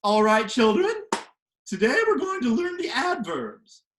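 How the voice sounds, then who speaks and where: A man's voice: sing-song, a little slow, a bit bright, heavily acted. A man playing a stern older female schoolteacher who barks classroom drills, in an echoey kitchen. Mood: drilling. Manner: booming classroom drill calls.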